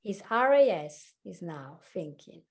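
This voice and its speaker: A woman with an Italian accent, a hypnotherapist and life coach, talking fast and laughing often as a guest on a video-call chat. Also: lowish voice, sing-song, a little mellow. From Italy. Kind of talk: casual chat.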